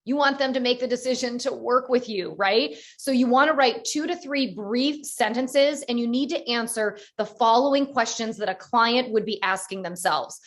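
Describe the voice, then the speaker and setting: A woman's voice: fairly high pitch, moderate pace, hardly any pauses. A woman teaching a business-planning session, walking listeners through each step in an encouraging, conversational way. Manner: encouraging, explains step by step with many "you know"s. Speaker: real estate business coach. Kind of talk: instructional webinar talk.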